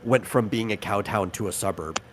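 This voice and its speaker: A man's voice: fairly low pitch, fairly quick, background noise. A man from Texas co-hosting a casual live stream, talking at length and acting out the voices of people he quotes. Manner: talkative, explains at length, acts out quoted voices. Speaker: stream co-host.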